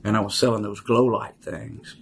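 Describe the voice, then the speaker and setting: A man, telling his life story in a halting, reflective way with many fillers. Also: lowish voice, steady tone, gravelly, husky. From Mississippi, USA.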